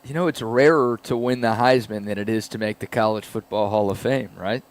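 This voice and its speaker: Low-voiced dry male sports radio host. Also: a little fast. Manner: dry, teasing banter. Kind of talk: casual sports talk. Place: radio studio.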